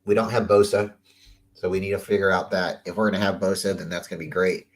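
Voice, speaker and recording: Man, lowish voice, casual football picks host, rambling and chatty. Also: flat delivery, quick pace, low-quality recording. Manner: loose and chatty, repeats words, trails off. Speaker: sports talk host. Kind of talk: casual sports commentary.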